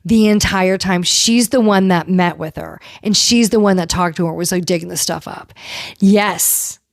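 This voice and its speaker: A woman's voice: on the low side, normal speed, creaky, no room sound, clean studio sound. A woman host casually recapping a reality TV episode, animatedly acting out what the cast said. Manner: animated retelling, acts out quotes. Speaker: podcast host.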